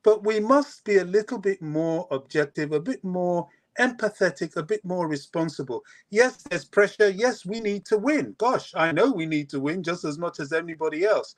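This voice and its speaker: A man's voice: sits high, lively intonation, normal speed, hardly any pauses. A man calling into a fan stream, making an earnest, emphatic case at length. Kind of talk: impassioned opinion.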